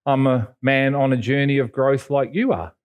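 A man from England, preaching a sermon and telling stories with sudden high jumps in pitch. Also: fairly even intonation, moderate pace. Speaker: pastor.

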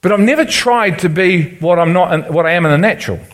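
A man's voice: high voice, animated, fairly quick. Liverpudlian man preaching to his congregation. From Liverpool, England. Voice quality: conversational, asks the room for agreement. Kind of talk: sermon teaching.

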